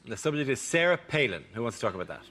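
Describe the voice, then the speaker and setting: A man hosting a comedy panel show, announcing the rounds in a brisk, formal way. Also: medium pitch, big pitch swings, a bit bright, a little hiss or hum. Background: studio audience.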